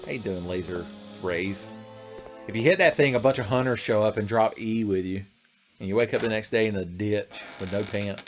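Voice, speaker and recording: A man's voice: lowish voice, normal speed, pauses often, faint music behind. A man from the United States, casually chatting and joking crudely with his chat while streaming a game. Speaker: livestreamer. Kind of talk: casual gaming livestream chat.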